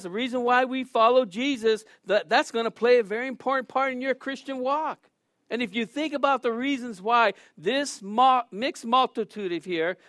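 A middle-aged male pastor delivers a sermon in a high-pitched voice, animated and full of storytelling. He acts out the people in his stories with quick shouts and laughter. The recording is dry and close, with no room echo.

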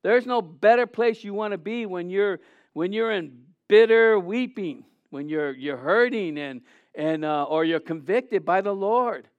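Male preacher, high and smooth voice, dry close sound; animated, reads scripture, quizzes the room. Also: a little slow, no room sound, narrow, tinny audio. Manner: animated, acts out scenes, asks the audience questions. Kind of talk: sermon with scripture reading.

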